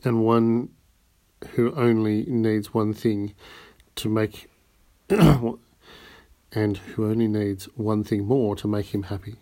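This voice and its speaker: A man's voice: lowish voice, level tone, drawn-out words, pauses often, warm tone. A man reading the lines of a composed, courteous rich nobleman in an audiobook.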